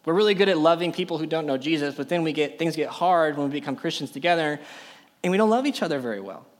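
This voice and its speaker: A man's voice: on the high side, lively intonation, quick pace. A young adult man preaching a sermon to a youth group, emphatic and full of rhetorical questions. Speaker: youth pastor.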